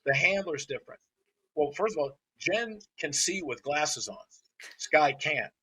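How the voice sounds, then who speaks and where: A man's voice: fairly high pitch, animated, measured pace, bright, forceful tone, a little hiss or hum. A man who hosts a podcast as a dog trainer, talking bluntly and animatedly and swearing freely. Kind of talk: casual podcast chat.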